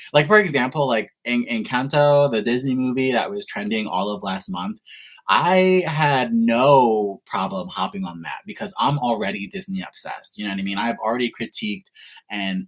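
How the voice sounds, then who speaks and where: A man hosting a reaction channel, answering viewer questions in a casual livestream chat, gushing and chatty with lots of "like". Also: on the low side. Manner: effusive, gushing, heavy use of "like".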